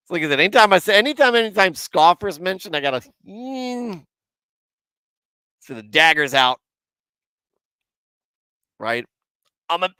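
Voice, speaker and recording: A man's voice: a little high, pushed and bright, dry recording. Candid man in his forties, dry sound. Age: 40s. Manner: self-deprecating and candid, talking to live chat. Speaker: host of a Bible commentary show. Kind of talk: casual Bible commentary livestream.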